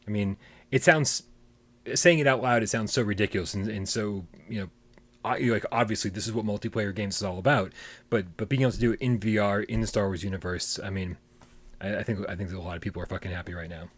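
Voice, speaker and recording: A man with a fairly low voice chatting on a livestream podcast. He is excitable, laughs often and swears freely. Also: fast talker, no echo. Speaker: podcast co-host reading tips. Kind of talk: casual livestream chat.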